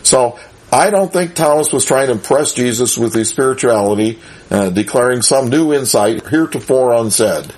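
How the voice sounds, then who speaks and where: A man leads a relaxed Bible lesson in a slightly husky voice of medium pitch. He chuckles often and keeps turning to his listeners with rhetorical questions. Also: normal speed. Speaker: Bible teacher. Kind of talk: conversational Bible teaching.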